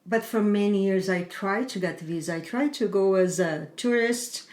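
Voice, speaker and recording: A middle-aged woman telling her life story as a guest in a conversation, in earnest, halting speech with non-native phrasing. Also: mid-range voice, darkish tone. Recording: roomy echo.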